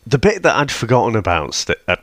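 A man's voice: lowish voice, big pitch swings, fast, fairly bright tone, no echo, studio quality. A man, co-hosting a casual film review podcast, laughing often as he talks. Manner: chuckling, loose with fillers. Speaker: podcast co-host.

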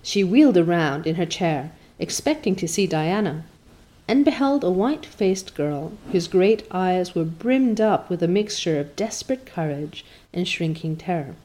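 Reading from a script, a woman narrates an audiobook in a calm, even storytelling manner. Her voice is pitched fairly low.

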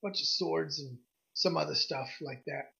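A man voicing a gruff, blunt woman in her mid-thirties who trades weapons, in a gravelly voice. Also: a little high, a little slow, sharp tone, full character voice. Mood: haggling. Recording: dull lo-fi recording.

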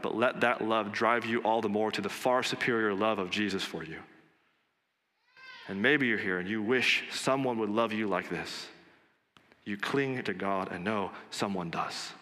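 A pastor preaching a sermon in a church, earnest and emphatic, repeating key phrases for weight. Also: male voice, fairly low pitch, pushed and bright. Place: church sanctuary. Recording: long reverb of a church hall.

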